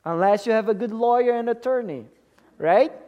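A man's voice: very high voice, moderate pace, dull audio. A man preaching a sermon to a congregation in an emphatic way, often checking in with them by asking questions. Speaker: pastor.

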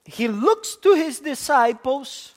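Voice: high voice, expressive, slow. A preacher delivering a sermon, stressing and repeating key words and asking the congregation questions. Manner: emphatic, repeats key words, addresses listeners as church.

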